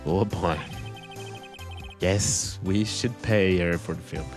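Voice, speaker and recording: A man's voice: sits low, takes it slowly, faint music behind, voice pushed down. Phoenix Wright, a man voicing a stammering young lawyer. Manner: hesitant, stammering. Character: earnest young male defense lawyer.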